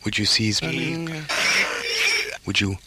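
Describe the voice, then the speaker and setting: A low-voiced man chants short phrases again and again at a slow, hypnotic pace. Loud noise and clicks run under his voice the whole time. The delivery is incantatory, built entirely on repetition. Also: animated. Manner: incantatory, repeating phrases over and over. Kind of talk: repetitive spoken-word sound piece.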